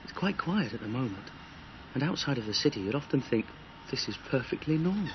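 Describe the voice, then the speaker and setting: A man's voice: mid-range voice, sing-song, brisk, background noise, lightly acted. A man voicing a young soldier's letter home. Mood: reflective. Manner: quiet, reflective. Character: young male soldier writing to his parents. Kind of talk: letter read as voice-over. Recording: muffled voice-over with music.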